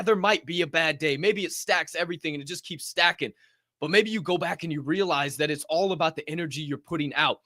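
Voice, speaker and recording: A man's voice: on the high side, a bit bright, no room sound, studio quality. A man co-hosting a podcast, giving a fired-up, profane motivational rant. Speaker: podcast co-host.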